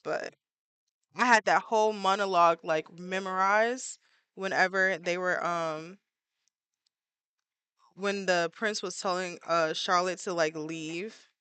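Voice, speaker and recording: A woman artist livestreams her drawing, chatting casually and playfully with viewers and leaning on filler words. Her voice is fairly low, steady, slow, and fairly bright with a clean tone, and she pauses often. There's no room sound.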